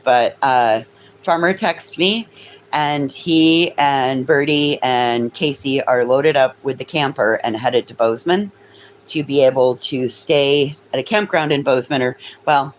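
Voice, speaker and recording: A woman's voice: normal speed, slight background noise, poor audio. A woman chatting casually with viewers, swearing freely. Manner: high sing-song baby talk to her dogs. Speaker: livestream host.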